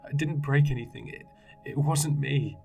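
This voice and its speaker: A man's voice: on the low side, fairly quick, faint music behind, natural voice. A man voicing a frightened seven-year-old boy who pleads and cries out in panic. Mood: pleading.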